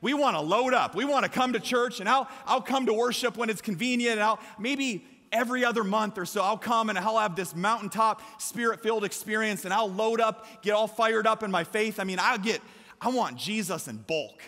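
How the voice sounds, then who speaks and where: A man with an American Midwestern accent preaching a lively sermon as a pastor, with emphatic bursts and shouts. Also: high voice, brisk. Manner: energetic, emphatic preaching with sudden loud shouts. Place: large church sanctuary. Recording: long hall reverb from a church.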